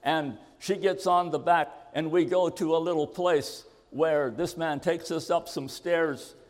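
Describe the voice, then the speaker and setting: Older man preaching, earnest and deliberate, slightly high pitch, in a reverberant church hall. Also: fairly even intonation. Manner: earnest storytelling, slows for scripture. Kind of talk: sermon with a personal story.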